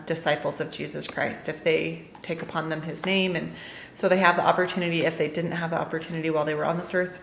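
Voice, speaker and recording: A woman's voice: low voice, creaky, fairly bright tone. Chatty middle-aged woman in a roomy space. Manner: chatty, rambling, with many fillers. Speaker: family vlogger. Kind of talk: casual storytelling to camera. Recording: roomy sound with faint noise.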